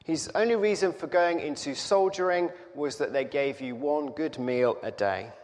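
A man preaching a sermon, telling a story slowly and thoughtfully, with pauses and fillers. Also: on the high side, a little mellow. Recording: reverberant hall.

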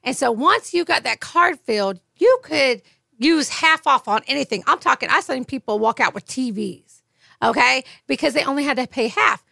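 A woman's voice: high voice, expressive, moderate pace, gravelly, pushed and bright, dry recording, clean studio sound. A woman co-hosting a faith podcast, telling stories emphatically and laughing often. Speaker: podcast co-host.

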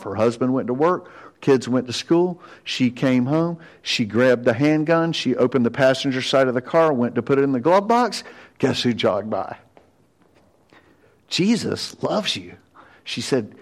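A male pastor preaching a sermon in a church, telling stories and building to emphatic exhortation. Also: medium pitch. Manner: storytelling, emphatic and rising to exhortation. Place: church sanctuary.

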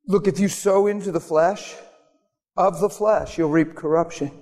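An earnest preacher delivers a sermon in a plain, conversational way. His voice sits a bit high for a man and springs into high mock voices now and then. The sound rings with the long reverb of a church sanctuary. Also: steady tone, normal speed, darkish tone.

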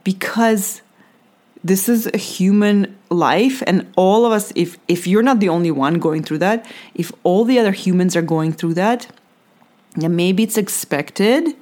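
A woman's voice: mid-range voice, measured pace, a little mellow. Earnest, encouraging woman podcaster. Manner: earnest, encouraging, speaks directly to the listener. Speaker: podcast host and mother. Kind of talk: reflective solo podcast talk.

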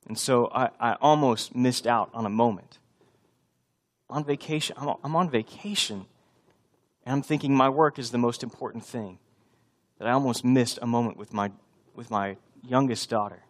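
A man's voice: mid-range voice, moderate pace. A male pastor in his thirties preaching a sermon, conversational and often building to emphatic repetition.

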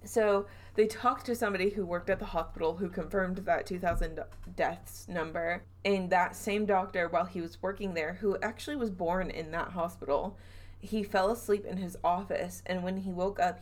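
Chatty woman podcast host, lowish voice. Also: steady tone, moderate pace. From Southern US. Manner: chatty, laughs often, trails off with fillers. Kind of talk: casual storytelling chat.

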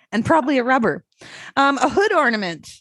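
A woman's voice: sits high, a bit bright, dry recording, clean studio sound. A woman co-hosting a podcast in casual chat, laughing often and swearing freely as she talks over a remote call. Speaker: podcast co-host.

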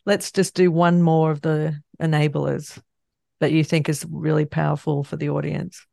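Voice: mid-range voice, flat delivery, normal speed, vocal fry, a little mellow, dry recording, clean studio sound. A podcast host interviewing a guest, affirming what they hear and thinking aloud as they lead into the next question. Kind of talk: conversational interview.

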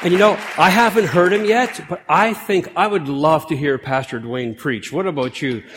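A man preaching with a playful, teasing manner, his voice a little high. Behind him the faint murmur of a congregation and some room noise can be heard. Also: moderate pace, in a large hall, a crowd in the background. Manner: playful, teasing, laughs often. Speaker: pastor. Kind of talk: sermon with banter. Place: church auditorium. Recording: live church recording with congregation noise.

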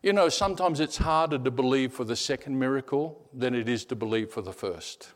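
Animated man preaching with stories. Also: mid-range voice, a little fast. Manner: animated storyteller, repeats words, drops to a hush. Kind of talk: sermon with personal storytelling.

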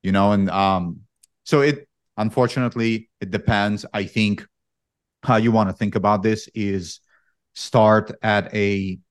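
Man, podcast panelist, lowish voice, hesitant, repeats words, dry close sound. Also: fairly even intonation, measured pace, dry recording. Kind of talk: casual panel discussion.

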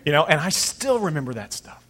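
A middle-aged male pastor delivering a sermon, his voice sitting a little higher than most men's. He talks in a loose, conversational way and slips into quick voices for the people in his stories. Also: very animated, fairly bright tone, in a large hall. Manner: conversational, storytelling preacher acting out voices.

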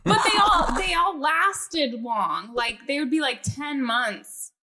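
A woman's voice: high voice, lively intonation, slow, crowd noise. A woman in a casual family chat, defending her past relationships in an easygoing way. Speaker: sibling on a family podcast.

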